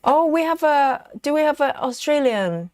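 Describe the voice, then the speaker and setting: A woman hosting a relaxed live stream from home, chatting with viewers and reading their comments aloud, with plenty of ums and you-knows. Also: high-pitched, normal speed, no room sound, studio quality. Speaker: livestream host. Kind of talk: casual live chat while stitching.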